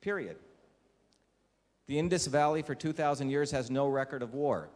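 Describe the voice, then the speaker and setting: A man's voice: mid-range voice, moderate pace, darkish tone. Emphatic male lecturer in a reverberant hall. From India. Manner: emphatic, asks rhetorical questions. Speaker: invited lecturer. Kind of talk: public lecture to a live audience.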